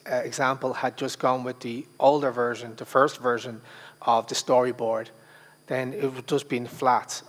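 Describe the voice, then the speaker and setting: A man leads a public speaking workshop in a relaxed, conversational way, pausing on fillers. His voice sits at a middle pitch. The hall gives it a long reverb tail. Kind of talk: workshop presentation. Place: conference workshop room.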